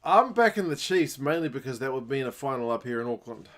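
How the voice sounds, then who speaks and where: A man with a New Zealand accent hosting a casual rugby watchalong stream, chatting with viewers and getting excited at big plays. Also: mid-range voice, brisk. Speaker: livestream host.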